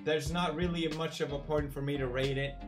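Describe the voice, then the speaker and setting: A man hosting a comedic meme-rating show, goofy and animated, swinging from mumbling to shouting. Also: a little high, fairly quick, over music. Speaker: YouTuber host.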